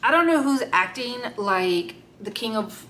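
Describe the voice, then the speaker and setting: A woman's voice: a little high, lively intonation, unhurried, a bit bright, a little hiss or hum. A woman giving a casual, unscripted tarot reading, blunt and swearing freely as she talks to the cards aloud. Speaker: tarot card reader.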